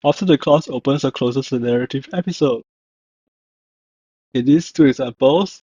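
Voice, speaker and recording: A man teaching a language lesson, speaking slowly and deliberately and repeating each word to show how it is pronounced. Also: mid-range voice, warm tone, husky, dry recording. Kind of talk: slow instructional narration. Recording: dull lo-fi dry voice-over.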